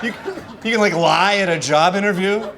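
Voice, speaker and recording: An American man from Washington DC doing a stand-up set, telling stories in an animated, exasperated way and acting out bits of dialogue. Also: sits high, moderate pace, creaky. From Washington DC, USA. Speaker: stand-up comedian. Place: comedy festival stage with laughing audience. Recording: live club recording with audience noise.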